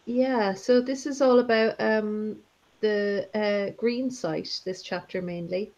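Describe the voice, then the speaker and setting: A woman in casual book-discussion chat, talking haltingly with lots of fillers and restarts. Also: mid-range voice, steady tone, a little mellow, dull audio.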